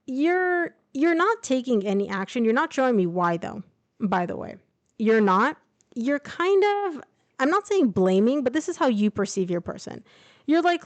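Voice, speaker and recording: A woman's voice: on the high side, no room sound. A woman casually reading tarot cards to camera, chatting and thinking aloud with fillers and asides. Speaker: tarot reader. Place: indoors, traveling.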